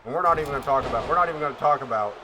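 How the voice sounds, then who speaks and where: A male streamer in a loose, jokey mood chats his way through a wrestling game. His pitch sits in a middle range, and he keeps trailing off and restarting his sentences. A steady hiss of background noise runs under his voice. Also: very fast. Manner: rambling, full of fillers and restarts, jokey. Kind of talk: casual chat.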